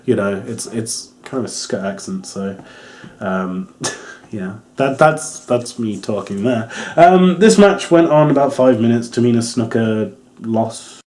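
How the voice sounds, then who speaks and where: A man's voice: medium pitch, unhurried, dark tone. A young English man with an English accent giving a rambling, casual wrestling review, laughing often and swearing freely. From England.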